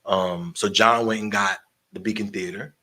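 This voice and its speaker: Bright husky-voiced man telling stories. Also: fairly low pitch, normal speed. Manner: animated, swears freely, acts out quoted voices. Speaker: guest storyteller, concert promoter and barber. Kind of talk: casual storytelling interview.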